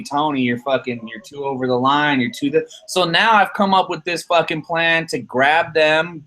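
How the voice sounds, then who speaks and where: A man in his thirties with a slightly high voice talks in a loose, rambling podcast chat. He swears freely and gets heated, circling back over his own words. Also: pushed and bright. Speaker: channel host.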